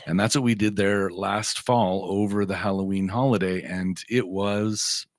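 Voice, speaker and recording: A man guesting on a radio show, explaining things in an easygoing, steady way with brief replies. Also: deep voice, measured pace, dry recording, studio quality. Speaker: theatre company guest. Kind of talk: casual interview.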